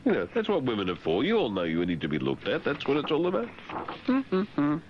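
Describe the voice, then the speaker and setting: A sardonic man hosts talk radio, teasing his guests with mock condescension. His voice is very deep, yet it swings widely in lively up-and-down pitch. The broadcast sounds slightly muffled, with faint noise underneath. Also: quick pace. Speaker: radio host.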